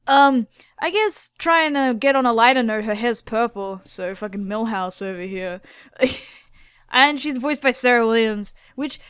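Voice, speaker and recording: A woman hosting a casual video, rambling excitedly about anime characters, swearing a lot and using many fillers. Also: a little high, unhurried, smooth, dry recording, studio quality. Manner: filler-heavy. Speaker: video host.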